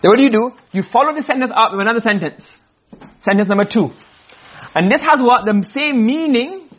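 This man's voice is extremely high-pitched, lively in intonation and brisk as he teaches a class on Arabic rhetoric. He reads Arabic phrases, explains them in English and frequently asks his students "okay?" or "you understand?" to confirm they follow. The lecture comes through as a dull lo-fi classroom recording.

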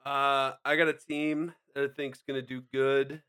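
A man's voice: mid-range voice, little pitch movement, normal speed, sharp tone, clear, resonant tone. A man in casual podcast banter, joking and laughing often as a co-host giving betting picks.

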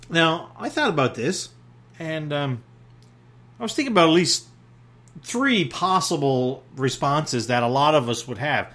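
A middle-aged male pastor from Newfoundland delivers a sermon in a folksy, plain-spoken manner. He stumbles over fillers and restarts as he goes, his voice sitting a little higher than most men's. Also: animated, a little slow, fairly bright tone.

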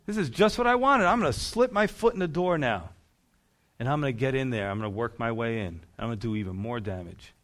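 A man voicing a sly, scheming male devil who gloats over a chance to slip in, in a low, hushed voice. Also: lively intonation, brisk, lightly acted. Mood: gloating.

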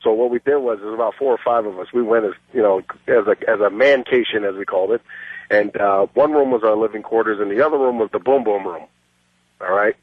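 Man, middle-aged, boastful caller, husky, dry, muffled line. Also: on the low side, quick pace, no echo. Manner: brash, boastful storyteller. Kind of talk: phoned-in storytelling.

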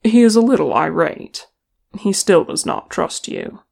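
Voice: mid-range voice, very animated, a little slow, gravelly, a little mellow, heavily acted. A reader voicing a blunt, grumbling male dwarf warrior in a fan fiction audiobook. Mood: conversational.

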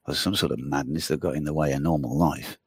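A man chatting casually, telling rambling, animated stories and swearing freely. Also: very deep voice, fast talker, husky, no echo, studio quality. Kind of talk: casual chat.

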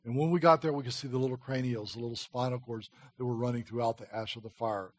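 A middle-aged man, a missionary preacher, telling stories in a sermon with a husky voice, dropping low and quiet on grim details. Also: fairly even intonation, fast, no echo. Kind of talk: sermon storytelling.

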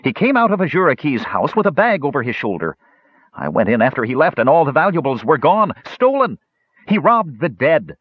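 A man's voice: mid-range voice, big pitch swings, moderate pace, dry recording, highs cut off, pitched above the performer's own voice. A man voicing an angry young male elf who insistently makes an accusation. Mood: indignant accusing. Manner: indignant, insistent, shouting.

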